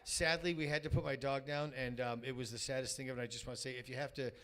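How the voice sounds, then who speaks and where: A man doing a stand-up set at a comedy club, firing off punchy one-liners with loud bursts and muttered asides. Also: mid-range voice, fairly even intonation, fast talker. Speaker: stand-up comic.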